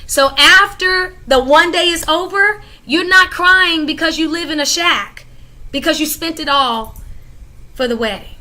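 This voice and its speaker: A woman hosts a casual panel chat with a high, bright voice. She is emphatic and lively and laughs often as she makes her points. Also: measured pace. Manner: talks in a casual conversational way. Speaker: host.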